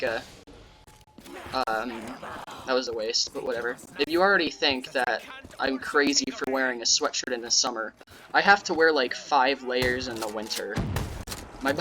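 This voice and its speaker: A young man giving casual gameplay commentary as a YouTuber, monotone and sarcastic-sounding, rambling with lots of fillers. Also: mid-range voice, background noise. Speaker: gaming YouTuber.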